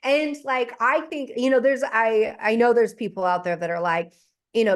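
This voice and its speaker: A woman in her forties with a fairly high voice talks animatedly as a guest expert. She explains at length, drops in "okay?" to check on her listener, and laughs often. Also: moderate pace. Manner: emphatic, explains with frequent "okay?" asides and laughter. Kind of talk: animated podcast conversation.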